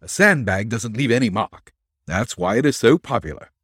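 A man's voice: mid-range voice, animated, moderate pace, a bit bright, husky, no echo, clean studio sound. A man voicing a stubborn male detective who talks in a blunt, sardonic way. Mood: indignant.

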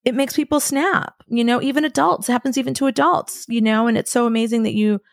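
A woman in her forties talking as a podcast guest, telling candid stories with lively acted-out quotes and casual swearing. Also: on the high side, quick pace, gravelly, dry recording, clean studio sound. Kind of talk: candid conversational storytelling.

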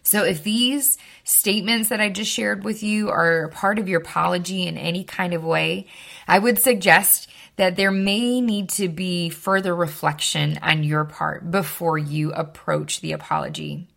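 A young woman hosting an advice podcast, explaining steps in a calm, instructive way and repeating key points slowly. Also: fairly low pitch, gravelly. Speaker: podcast host.

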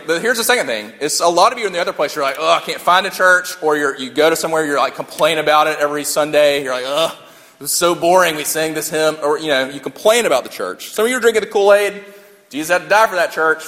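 Higher-voiced man preaching in a reverberant hall. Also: fairly bright tone. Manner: conversational, repeats key lines for emphasis, jokes along the way. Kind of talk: sermon.

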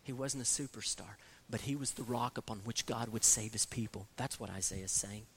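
A man's voice: on the low side, fairly quick, a bit bright, a little hiss or hum. A man preaching an expository sermon, earnest, often repeating words as he restarts and rising to emphatic peaks. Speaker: pastor.

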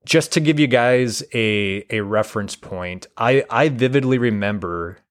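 A man's voice: mid-range voice, a little slow. A young man, a therapist, candidly recounting a personal story in an interview, reflective and full of restarts. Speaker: guest, therapist.

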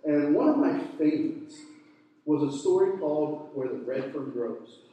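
A middle-aged man preaching a sermon, telling stories in a relaxed, conversational way with ordinary fillers. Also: fairly high pitch, moderate pace, muffled recording, slight background noise. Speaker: pastor. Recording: echoey hall, mic from far off.

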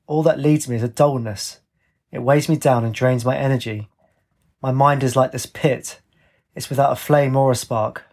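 A man reading aloud, voicing a weary, emotionally drained young man in a husky voice. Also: medium pitch, fairly even intonation, normal speed, a little mellow, close to an everyday voice.

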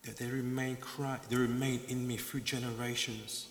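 Forceful preacher man in an echoey hall. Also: mid-range voice, little pitch movement, moderate pace. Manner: passionate, repetitive emphatic preaching. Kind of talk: sermon. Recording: echoey hall with long reverb.

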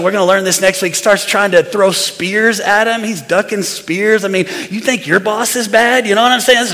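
A man preaching a sermon as pastor, firing rhetorical questions at the congregation and swinging between loud and hushed delivery. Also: high voice. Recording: long reverb of a large hall.

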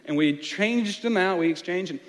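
A man, preaching a sermon as a playful, animated storyteller. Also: high-pitched, moderate pace. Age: late 20s. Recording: long reverb of a large hall.

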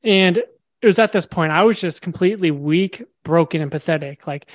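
A man's voice: a little high, fairly quick, no echo, studio quality. A young man, a podcast guest, tells a story animatedly and acts out the dialogue. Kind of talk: storytelling in a casual interview.

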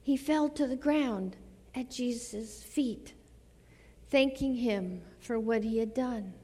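A woman with a high voice preaches a sermon in a slow, deliberate rhythm. Her delivery is dramatic, sinking to hushed phrases and then lifting into fervent calls. The sound carries a long reverb from a large hall. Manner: slow, dramatic delivery with soft drops and rising exclamations.

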